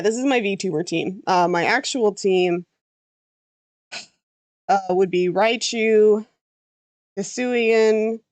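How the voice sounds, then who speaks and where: A woman's voice: lowish voice, a little mellow, dry recording. A woman chatting casually as a content creator, thinking aloud with fillers and correcting herself. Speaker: VTuber. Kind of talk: casual chat.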